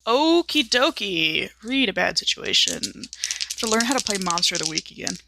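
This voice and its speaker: Bright-voiced woman chatting at a game. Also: mid-range voice, very animated, normal speed, vocal fry. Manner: chatty and self-interrupting. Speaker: player. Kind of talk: casual chat at a game table.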